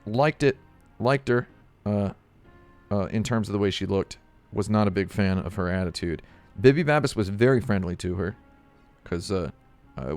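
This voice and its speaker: A man's voice: on the low side, a little mellow. A man streaming live, chatting casually and rambling with jokey asides to his chat.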